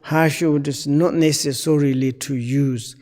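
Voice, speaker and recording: A man giving a Dharma teaching in halting, non-native English. He pauses often with fillers while searching for words. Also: on the high side, steady tone, a little mellow, big-room sound. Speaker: Buddhist teacher.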